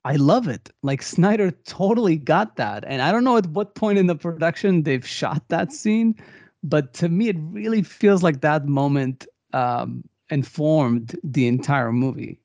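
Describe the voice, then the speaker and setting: A man co-hosting a movie podcast, telling a behind-the-scenes story in a rambling, animated way with many restarts. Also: a little high, measured pace, no echo, lo-fi sound. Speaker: podcast co-host. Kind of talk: casual movie discussion.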